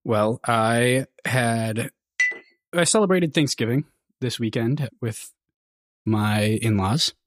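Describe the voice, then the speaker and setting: A man's voice: mid-range voice, takes it slowly, dry recording, clean studio sound. A man co-hosting a podcast in casual chat, rambling and teasing, chuckling in the middle of his sentences. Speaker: podcast co-host.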